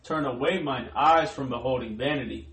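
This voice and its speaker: A man reading Bible verses aloud in a slow, measured way during a sermon. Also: medium pitch, fairly bright tone, echoey room, poor audio. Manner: slow, measured recitation of old-style verse. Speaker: scripture reader.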